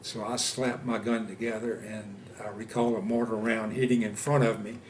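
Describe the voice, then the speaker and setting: Man in his 70s, from Louisiana, oral history interview, halting speech, faint background noise. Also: fairly low pitch, flat delivery. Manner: halting, many pauses and fillers. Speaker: veteran interviewee. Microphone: interview camera setup.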